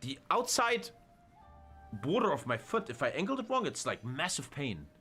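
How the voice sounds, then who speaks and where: A man's voice: big pitch swings, normal speed, faint music behind. A man, commenting live on his own strategy game and swearing a lot. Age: 30s. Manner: swears a lot, jumps into loud high yelps. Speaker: streamer.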